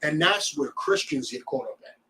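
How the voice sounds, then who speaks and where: Animated man teaching scripture, distant mic. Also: a little high, normal speed. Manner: animated, checks in with the class. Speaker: class teacher.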